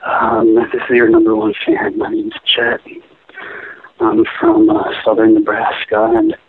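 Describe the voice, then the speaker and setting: A man leaving a halting, mock-earnest voicemail for a podcast. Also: fairly low pitch, wildly swooping pitch, vocal fry. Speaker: caller. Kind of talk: phoned-in voicemail. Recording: tinny phone line with noise.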